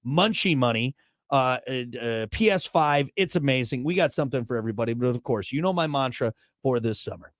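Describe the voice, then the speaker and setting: Joking, rambling and poking fun at himself, a thirtysomething morning radio host chats casually in the studio. He talks fairly quickly with lively intonation at a medium pitch, captured in a dry, studio-quality recording.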